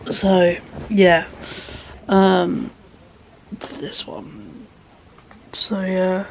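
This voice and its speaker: A woman chats to camera at home, slow and unhurried, with a gravelly fry in her voice. She sounds tired and rambles softly, often sinking into a whisper. Faint room ambience sits behind her. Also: on the low side, animated, slight background noise. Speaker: vlogger. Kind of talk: casual chat to camera.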